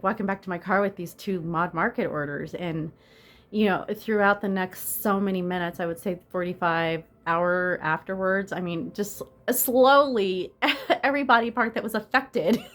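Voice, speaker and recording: A woman's voice: mid-range voice, fairly bright tone. A woman casually telling a story on her vlog, laughing often and swearing, sounding in pain and close to tears. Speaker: vlogger.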